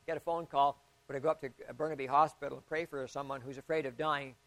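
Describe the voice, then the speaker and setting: A man, a pastor preaching a sermon in a folksy storytelling way, acting out the voices he quotes and swinging from hushed to loud. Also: medium pitch, fairly even intonation, fast talker, no echo.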